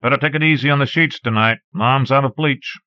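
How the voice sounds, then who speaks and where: A man's voice: mid-range voice, fairly quick, sharp tone, no room sound, voice pushed up, natural voice. A man reading aloud and voicing a vain, cocky seventeen-year-old boy who teases his younger brother smugly. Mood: teasing. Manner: smug, teasing, preening. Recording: dull lo-fi cassette recording.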